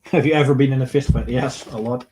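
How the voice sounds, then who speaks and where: A man's voice: mid-range voice, steady tone, quick pace, darkish tone, rough recording. Blunt man answering questions. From Netherlands. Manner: blunt and opinionated, reads out questions then answers. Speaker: streamer answering viewer questions. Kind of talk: casual livestream Q&A.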